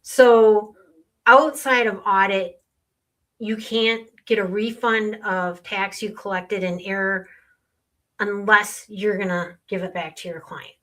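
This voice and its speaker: A woman's voice: medium pitch, fairly even intonation, takes it slowly, a bit bright. A middle-aged woman, a sales tax consultant, explaining earnestly with client stories in a podcast conversation.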